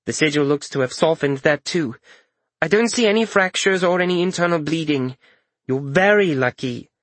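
A man's voice: on the high side, moderate pace, a bit bright, dry recording, voice pushed up, natural voice. A man voicing a curt, clinical woman healer giving firm instructions in an audiobook. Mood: stern.

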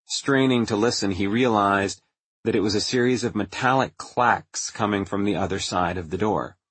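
Husky male audiobook narrator. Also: fairly low pitch, moderate pace, a bit bright, no echo. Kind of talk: scripted narration.

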